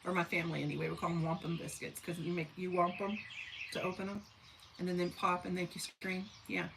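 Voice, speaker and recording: A woman's voice: lowish voice, little pitch movement, a little fast, vocal fry, background noise. A woman in her forties from southern Missouri, hosting a casual live stream, chatting folksily with viewers and talking to her dogs. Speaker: livestream host. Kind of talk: casual live chat reading comments.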